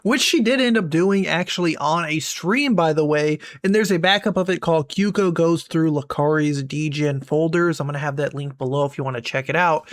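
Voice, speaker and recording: A man's voice: on the high side, brisk, few pauses. A man giving casual online drama commentary in a wry, rambling way, full of fillers.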